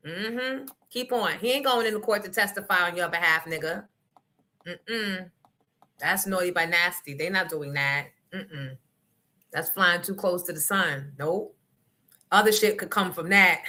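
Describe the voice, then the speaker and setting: Woman, talk show host, blunt, profane, emphatic, bright voice. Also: medium pitch, unhurried. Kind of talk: casual livestream rant.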